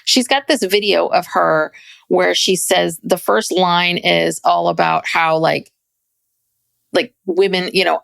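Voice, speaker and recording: Female podcast co-host, fry in the voice, lively chat, laughs and mimics. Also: fairly low pitch, measured pace, dry recording, studio quality. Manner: animated, laughing, mimicking others. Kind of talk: casual chat.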